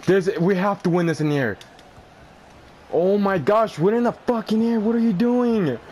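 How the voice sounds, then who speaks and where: A young man giving live commentary over his own gameplay, excitable, shouting and swearing at the game. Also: sits high, normal speed, a little hiss or hum. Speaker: gamer.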